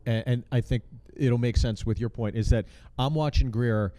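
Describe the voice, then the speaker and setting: A man's voice: mid-range voice, steady tone, normal speed, dark tone. A man hosting a casual chat about stand-up comedy, explaining his points at length in an earnest, analytical way. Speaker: host. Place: comedy club.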